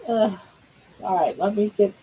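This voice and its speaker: Grandmother cooing slowly to her pet. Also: mid-range voice, dark tone, a little hiss or hum, low-quality recording. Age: older. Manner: cooing baby talk to a pet, musing aloud. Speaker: live stream host. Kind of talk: casual live-stream chat.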